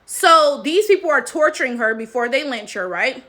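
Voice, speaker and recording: Bright high-voiced woman, emphatic commentary. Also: lively intonation, normal speed. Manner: emphatic, repeats "right?" as tag question. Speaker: commentary channel host. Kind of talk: casual commentary monologue.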